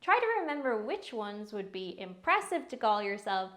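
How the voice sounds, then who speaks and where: A woman teaching English vocabulary, saying each word slowly and clearly several times before explaining it. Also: medium pitch, big pitch swings, fairly bright tone. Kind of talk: slow vocabulary lesson with repeated pronunciations.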